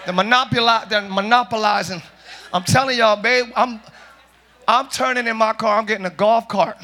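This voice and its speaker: A man preaching a lively sermon as pastor to a congregation, joking and calling out to them. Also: high voice, normal speed. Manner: shouting, joking, calls to the congregation. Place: large church with congregation.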